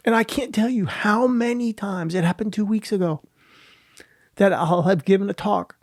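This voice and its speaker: Soft-spoken man telling a halting story. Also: high voice, dry recording, clean studio sound. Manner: halting, searching for words, many restarts. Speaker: guest, motivational speaker. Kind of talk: emotional personal storytelling.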